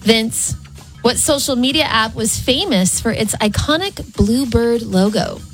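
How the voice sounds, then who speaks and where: A woman co-hosts morning radio in a fairly high, lively voice that jumps around. She teases and giggles easily, with faint music in the background. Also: unhurried. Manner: giggly, teasing. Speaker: radio co-host.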